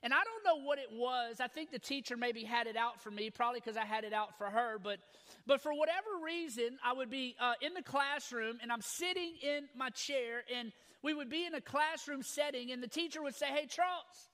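A man, preaching a sermon in a folksy, energetic, repetitive way. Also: very high-pitched, fairly quick. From Louisiana. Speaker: pastor.

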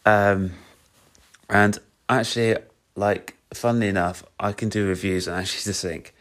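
A man's voice: on the low side, fairly even intonation, a little slow. A young British man giving a casual, enthusiastic spoken review of a musical, full of fillers and restarts. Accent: British English. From Britain.

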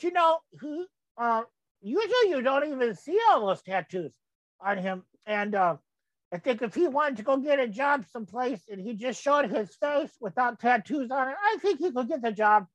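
A man's voice: very high-pitched, a bit bright, dry recording, poor audio. An older man hosting his own show, rambling in a folksy way as he comments on photos. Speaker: podcast host.

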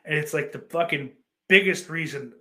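Male streamer, sarcastic profane ranter, slightly high voice, roomy echo. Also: moderate pace. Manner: sarcastic, profane, bursts into mocking yells. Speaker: streamer reading chat comments. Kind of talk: casual crude rant.

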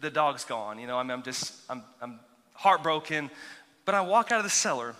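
A man preaching a sermon as pastor, telling a story in an animated, chatty way with self-teasing asides and many restarts. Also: mid-range voice, brisk. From grew up near Seminole. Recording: long reverb of a large hall.

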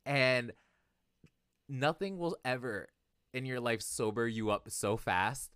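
Young guy on a podcast, bright lively voice, tells stories, does voices for quotes, laughs a lot, dry close sound. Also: mid-range voice, takes it slowly, clean tone, no echo. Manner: animated storyteller, acts out quotes, laughs often. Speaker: podcast co-host. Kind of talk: casual chat.

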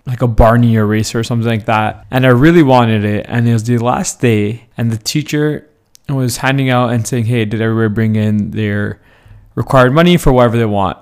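A young man hosting his own show, casually telling funny school stories and laughing often as he goes. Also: mid-range voice. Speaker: podcast host. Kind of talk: casual storytelling.

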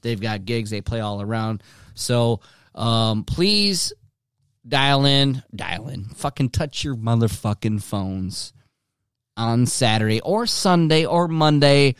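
A man's voice: mid-range voice, takes it slowly, clean tone, dry recording, studio quality. A man hosting his own podcast from home, rambling casually with lots of swearing and self-directed jokes. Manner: profane, rambling, joking with himself. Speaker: podcast host.

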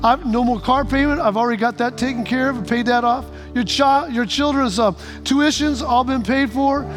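A preacher voicing a wealthy man who quickly lists all the debts he has paid off. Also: extremely high pitch, over music. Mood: generous. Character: rich man making a lavish generous offer.

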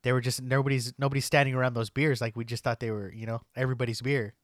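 A young man, chatting on a podcast in a slangy, profane, animated way. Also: mid-range voice, fast, no room sound, clean studio sound. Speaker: podcast host. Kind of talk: casual storytelling chat.

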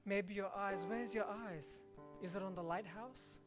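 A woman's voice: medium pitch, a little slow, music in the background. A woman preaching a sermon, reading a scripture passage and then explaining it earnestly, with some restarts.

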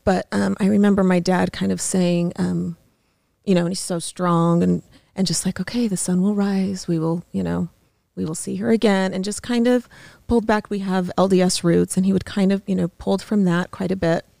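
A woman in her thirties, a podcast guest in a studio, telling a painful personal story haltingly, with many fillers and restarts. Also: lowish voice, fairly even intonation, creaky, dark tone, no room sound.

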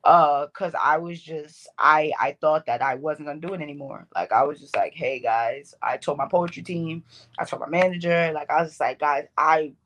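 With a low, brisk voice and a bit of background noise, a young woman from the Bronx talks through an interview. She's a poet with a New York accent whose casual, slangy storytelling is animated and thick with fillers.

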